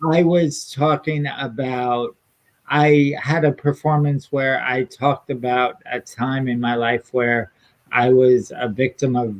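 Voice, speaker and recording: A man's voice: medium pitch, fairly even intonation, slow pace, poor audio. A man co-hosting a casual podcast, talking in an earnest, easygoing way with frequent fillers. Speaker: podcast co-host and stand-up comedian.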